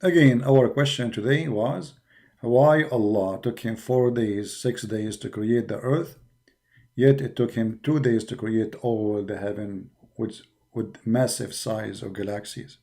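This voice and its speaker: Mocking and argumentative, this man hosts a livestreamed religious critique in broken English, constantly calling listeners brother with a weary tone. His medium-pitched voice is creaky and dark, and he speaks a little slowly.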